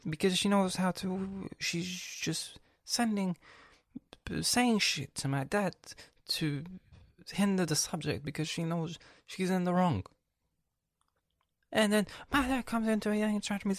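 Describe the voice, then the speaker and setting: A man's voice: fairly high pitch, unhurried, dry recording, clean studio sound. A young man with a London accent ranting casually on his podcast, swearing and acting out his family with lots of slang. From England. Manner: animated storytelling with slang and swearing, acts out family members.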